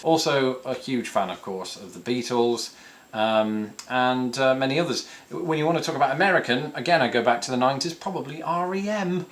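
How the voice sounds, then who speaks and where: Speaking a little fast in a mid-range voice, a British man in his thirties from England runs a laid-back question-and-answer video. He answers viewers directly to camera with dry, self-mocking wit and wordplay.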